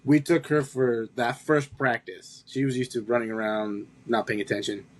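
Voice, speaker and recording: Man, high school soccer coach, mid-pitch, relaxed storytelling. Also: normal speed. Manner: chatty storyteller, quotes others. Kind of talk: casual chat.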